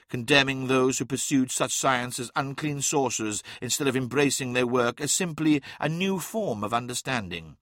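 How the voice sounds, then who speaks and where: Man, audiobook narrator, steady dramatic reading, bright crisp voice, dry close recording. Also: mid-range voice, dry recording.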